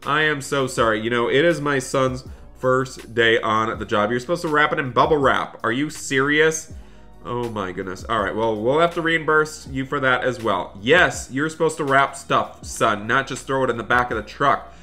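A man's voice: mid-range voice, normal speed, sharp tone, faint music behind. A man doing chatty Roblox roleplay commentary, talking to viewers and his in-game son, with dramatic bursts of dismay.

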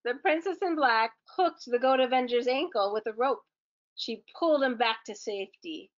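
A woman reading a children's book aloud in a gentle, expressive storytelling manner. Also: fairly high pitch, moderate pace, dull audio.

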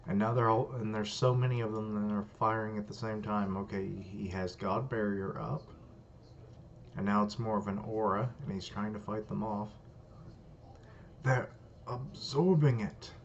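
A man's voice: lowish voice, flat delivery, normal speed. A man reading a comic live and reacting with casual running commentary that swears freely. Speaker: host. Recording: dull lo-fi, faint hiss.

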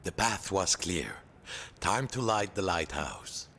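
A man's voice: low voice, expressive, slow pace, bright, forceful tone, slight background noise. A man narrating a game story in a playful, theatrical storybook manner.

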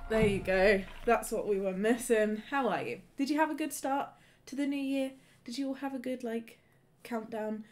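A woman's voice: on the high side, moderate pace. Bubbly woman streaming with music behind. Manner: bubbly, chatty, greets viewers by name. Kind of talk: casual live-stream chat while gaming. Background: game music.

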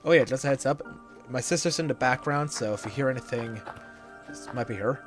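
A man giving casual gameplay commentary at home, reacting out loud, swearing, and reading the game's lines aloud. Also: medium pitch, fairly quick. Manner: reactive, swears, reads game dialogue aloud. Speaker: let's play gamer. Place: home room. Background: game music.

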